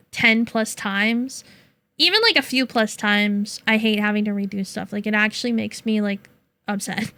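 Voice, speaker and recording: A young woman streams and chats casually, venting animatedly to her viewers. Her voice sits high and bright. The sound is dry and close, with no room echo. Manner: animated venting, swearing and laughing.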